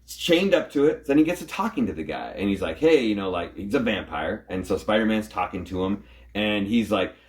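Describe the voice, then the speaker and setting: Guy with a lowish voice chatting about comics, rambles, does little voices for the characters. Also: expressive. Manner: rambling, acts out characters' lines in quick voices. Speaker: comic book show host. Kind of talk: casual chat recapping a comic.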